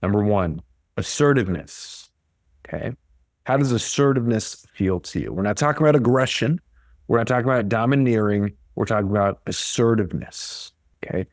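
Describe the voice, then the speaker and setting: A man's voice: lowish voice, animated, brisk, dry recording, clean studio sound. A man hosting a motivational solo podcast, coaching listeners with energy and rhetorical questions, often checking in with "right?" and "okay?". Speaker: podcast host.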